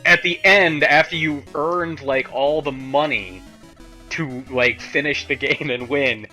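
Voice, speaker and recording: A man's voice: on the high side, measured pace, bright, forceful tone, faint music behind, poor audio. A man hosting a casual gaming stream, chatting and laughing. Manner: chatty, laughing, quoting lines in voices. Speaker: stream host.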